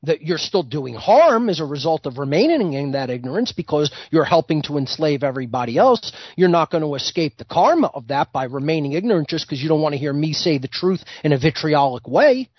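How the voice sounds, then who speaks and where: Speaking briskly with hardly any pauses, a man hosting a talk show launches into a vehement, lecturing monologue. His pitch runs on the high side and sounds animated, with no room sound, though the lo-fi recording is dull.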